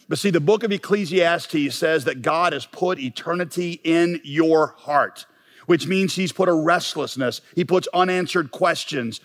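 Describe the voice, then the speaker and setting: A man with a fairly high voice preaches from the pulpit, pressing his points home and swelling to strong peaks. His words ring out with a long tail of reverb from a large sanctuary. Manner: emphatic preaching, rising to bursts of force. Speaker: pastor. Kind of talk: sermon.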